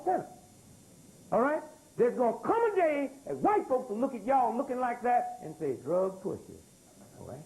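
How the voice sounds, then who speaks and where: An older man lecturing before a live audience, his pitch leaping high and sinking low as he works the crowd. He keeps asking the room to answer back and repeats his key words with heavy emphasis. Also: poor audio. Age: 60s. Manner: animated, calls out to the crowd for responses.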